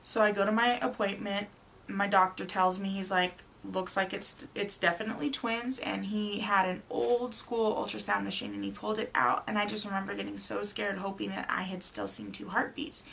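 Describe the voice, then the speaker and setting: A woman's voice: medium pitch, normal speed, vocal fry, a little hiss or hum. A young woman casually telling a personal story, acting out the dialogue with animation. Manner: animated, acts out dialogue in quotes. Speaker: vlogger.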